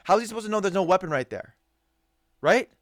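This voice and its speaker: A man's voice: high voice, lively intonation, fast talker, no room sound, clean studio sound. A man giving heated, profanity-laced reaction commentary on sports news, repeating himself for emphasis. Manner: profane, ranting, repetitive emphasis.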